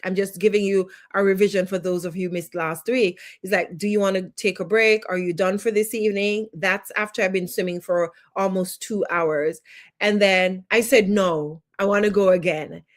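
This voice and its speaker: Woman coach, Jamaican accent, live online lesson; emphatic, builds points through repetition. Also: medium pitch. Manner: emphatic, repeats phrases for effect. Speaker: life coach.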